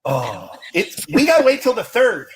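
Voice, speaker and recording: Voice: mid-range voice, huge pitch swings, normal speed, breathy edge. A caller on a livestream panel, joking and teasing the host. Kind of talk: casual chat.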